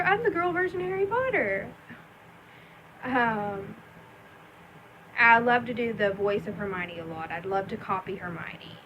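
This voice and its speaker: A woman's voice: mid-range voice, fairly bright tone, muffled recording, a little hiss or hum. A young adult woman telling a personal story in a rambling, chatty vlog with many ums and likes. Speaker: vlogger.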